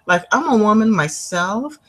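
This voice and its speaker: A woman chats over a video call at a medium pitch. She rambles, repeating "it's like" and filling pauses with "um". Her talk stays loose and conversational. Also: animated, a bit bright, low-quality recording. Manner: rambling, filler-heavy with frequent likes. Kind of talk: casual online chat.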